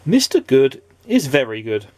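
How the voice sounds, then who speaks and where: A dad reads a children's storybook aloud in a dry, close recording. His voice swoops up and down with lively expression, and his pitch sits in the middle range. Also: unhurried, no room sound. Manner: expressive, playful reading.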